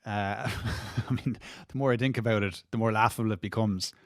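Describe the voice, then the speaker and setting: A man's voice: on the low side, steady tone, a little fast, no echo, studio quality. An Irish man co-hosting a wrestling podcast in casual chat, playful and mock-serious. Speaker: podcast co-host.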